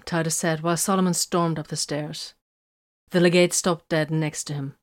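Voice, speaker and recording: A woman reading a story aloud in even, measured audiobook narration. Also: deep voice.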